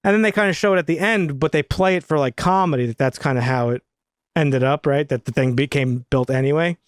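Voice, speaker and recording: A man's voice: a little high, a little fast, clean tone, dry recording, clean studio sound. A man co-hosting a film review podcast, talking casually and swearing a lot while telling stories. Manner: profane, animated storytelling. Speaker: podcast co-host.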